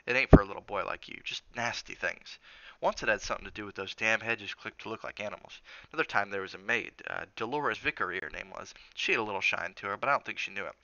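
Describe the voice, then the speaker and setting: A man's voice: lowish voice, fast, vocal fry, a bit bright, dry recording, dull audio. A man reading the part of a kindly older male hotel cook, with a folksy, reassuring drawl.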